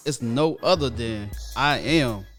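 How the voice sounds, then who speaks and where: A man's voice: mid-range voice, takes it slowly, music in the background. A man co-hosting a podcast, talking in a laid-back, slangy way. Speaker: podcast co-host. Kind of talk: casual podcast chat.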